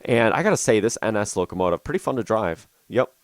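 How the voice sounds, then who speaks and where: A man's voice: fairly low pitch, expressive, fast talker, no room sound. A young man giving casual, rambling commentary on his own gameplay, with many fillers and restarts, into a studio mic. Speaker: gaming channel host. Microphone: dynamic studio mic.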